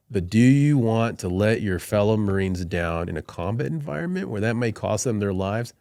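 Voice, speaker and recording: Middle-aged marine officer telling war stories on a podcast, lowish voice, dry close mic, laughs along the way. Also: male voice, fast, dry recording. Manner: animated storyteller, laughs through anecdotes. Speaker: Marine colonel guest. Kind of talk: storytelling in podcast conversation.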